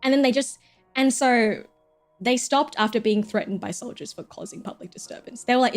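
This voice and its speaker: Young woman streaming, high voice, giggly rambly chat, cusses a lot, soft music behind. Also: a little fast.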